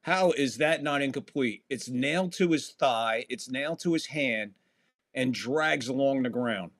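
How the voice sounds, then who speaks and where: On a podcast stream, a man does casual live football play-by-play, calling plays and breaking into exasperated rants with frequent swearing between them. His voice is medium-pitched, a bit bright and unhurried.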